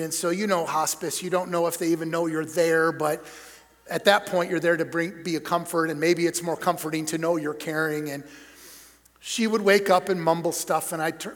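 A middle-aged man preaching a sermon as pastor, conversational and joking, swinging between loud emphasis and soft storytelling. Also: sits high. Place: church sanctuary. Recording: long reverb of a large church hall.

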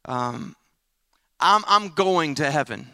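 Man, preacher, high voice, bright tone, dry close sound, animated sermon, playful and earnest. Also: takes it slowly, clean tone, dry recording. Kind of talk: energetic sermon. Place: camp meeting.

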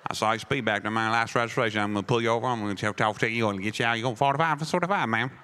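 A man's voice: lowish voice, bright, forceful tone, smooth, voice pushed down. Man doing a mumbling Texan state trooper. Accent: Texan drawl. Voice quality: slurred, rushed and hard to follow. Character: mumbling fast-talking male Texas state trooper. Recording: echoey hall.

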